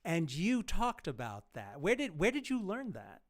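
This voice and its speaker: A middle-aged man hosting a live stream interview, animated and quick to laugh. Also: sits high. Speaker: host.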